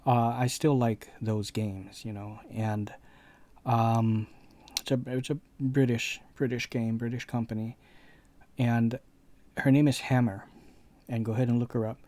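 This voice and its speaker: A man's voice: mid-range voice, fairly even intonation, unhurried, a little mellow. A man hosting a gaming video channel, telling a rambling personal anecdote in casual commentary. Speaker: let's play channel host.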